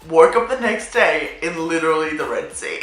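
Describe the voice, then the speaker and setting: A young woman tells a story to camera in a bright, forward voice. She laughs through her lines, swears freely, and leans hard on "like". The room is echoey and faint music runs under her. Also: sits low, lively intonation, moderate pace. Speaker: vlogger. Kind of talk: casual storytime monologue.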